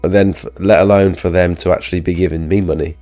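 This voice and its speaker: A man's voice: sits low, steady tone, quick pace, mellow, soft background music. A man live-streaming, casually reacting to a video in a laid-back, chatty way, often laughing.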